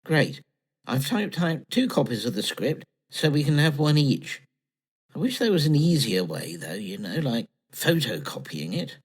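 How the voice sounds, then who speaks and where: A man's voice: mid-range voice, very animated, measured pace. A man performing scripted comedy dialogue, chatty, dry and earnest. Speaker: comedy co-host.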